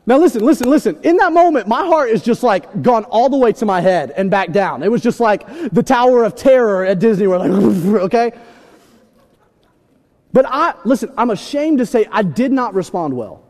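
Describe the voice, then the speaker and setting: A young man preaching a sermon, telling stories with animated shouts and asides. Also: sits high, moderate pace. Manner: animated storytelling, acts out scenes with shouts. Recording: long hall reverb.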